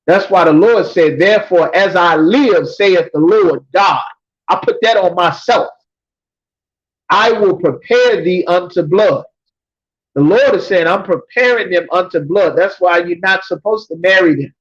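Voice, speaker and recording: A man teaching a scripture class, reading verses slowly and then explaining them emphatically, often checking with "you understand?". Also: high-pitched, breathy edge. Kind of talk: preaching scripture breakdown. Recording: dull lo-fi recording.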